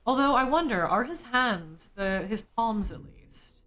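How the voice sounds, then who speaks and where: A woman's voice: on the high side, expressive, unhurried, a bit bright, rough recording. A woman streamer thinking aloud during live game commentary, with musing, jokey asides.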